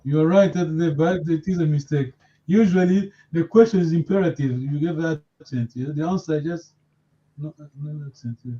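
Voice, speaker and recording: Patient male language teacher, lo-fi sound. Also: on the high side. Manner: patient, correcting pronunciation with repeated prompts. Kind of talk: live language lesson. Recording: dull lo-fi audio.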